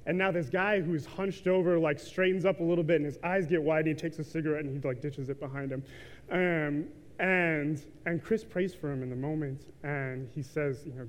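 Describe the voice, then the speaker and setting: Brisk and a little high-voiced, this thirty-something preacher tells his story in a church sanctuary, filling it with ums and likes. The sermon's casual delivery echoes through a reverberant church hall.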